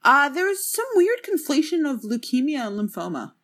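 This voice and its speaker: A woman's voice: high-pitched, sing-song, normal speed, a bit bright. A woman from the American South with a light Southern accent, co-hosting a casual book podcast and laughing often. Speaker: podcast co-host. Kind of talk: casual chat.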